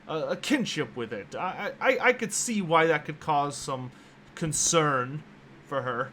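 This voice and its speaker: A man's voice: fairly high pitch, lively intonation, a little slow, pushed and bright, a little hiss or hum. A man narrating a tabletop game as game master, often stammering and restarting as he describes actions.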